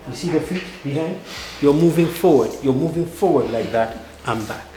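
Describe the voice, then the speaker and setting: A man's voice: a little high, moderate pace, mellow. A man coaching acting students through stage combat drills, counting out moves and calling cues in a commanding way. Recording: echoey room with background noise.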